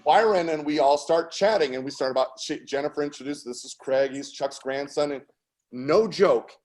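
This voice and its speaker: A man telling a story with mounting excitement, his voice jumping up into shouts and laughs. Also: fairly high pitch. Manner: animated, fast-building, breaks into shouts and laughter. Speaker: artist guest. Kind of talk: excited storytelling on a video call.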